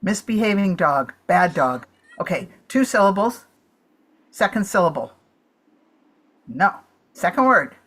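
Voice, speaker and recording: A woman improv performer on a video call, thinking aloud in halting bits while guessing. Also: medium pitch, expressive, a bit bright, husky. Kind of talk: guessing game banter.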